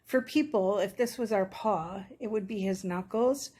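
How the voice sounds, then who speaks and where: Middle-aged woman rambling through a story to her viewers, gets emotional, acts out the dialogue, average pitch. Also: unhurried, mellow, breathy edge. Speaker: vlogger telling a personal story. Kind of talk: casual storytelling to camera.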